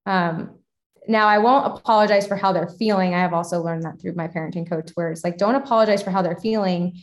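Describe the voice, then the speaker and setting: A woman's voice: lowish voice, fairly even intonation, fairly quick. A woman hosting an interview, talking casually about her own parenting, chatty and personal, with many fillers. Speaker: podcast host and parent.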